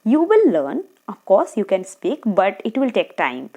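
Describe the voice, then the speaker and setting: A woman giving earnest, encouraging speaking tips straight to camera, talking fast at times and checking in with her viewers. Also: mid-range voice, wildly swooping pitch, mellow. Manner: talks fast, sometimes slows down deliberately. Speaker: English-speaking coach. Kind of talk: tutorial monologue to camera.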